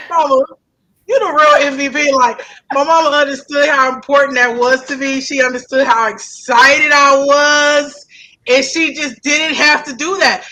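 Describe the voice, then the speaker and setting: A young woman, telling a family story in casual chat, animated and fond of repeating herself. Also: high voice, poor audio. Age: young adult.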